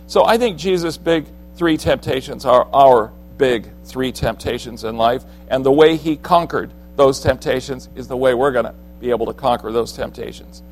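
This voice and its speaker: A man's voice: mid-range voice, moderate pace, hardly any pauses, poor audio. Earnest man preaching, faint music. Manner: earnest, conversational preaching with restarts. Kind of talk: sermon.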